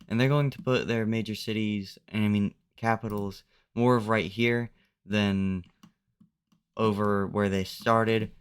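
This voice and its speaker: Male commentator, low and smooth, relaxed conversational narration of a simulation. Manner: loose, conversational, uses "like" a lot. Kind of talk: casual narration of a map simulation.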